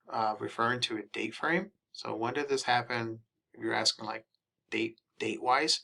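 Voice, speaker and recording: A man giving a casual lesson, reading each English phrase and then repeating the Spanish slowly. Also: mid-range voice, fairly even intonation, gravelly, sharp tone.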